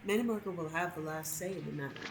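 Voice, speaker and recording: Woman voicing a calm nord guy, necromancer, matter-of-fact, kinda low. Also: fast, background noise. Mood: stoic. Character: stoic middle-aged Nord man, a calm necromancer.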